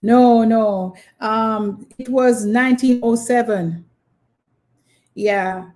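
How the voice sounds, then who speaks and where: A woman's voice: on the high side, very slow, darkish tone. A woman hosting a live online trivia quiz, patiently repeating her questions and prompting viewers. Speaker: quiz host.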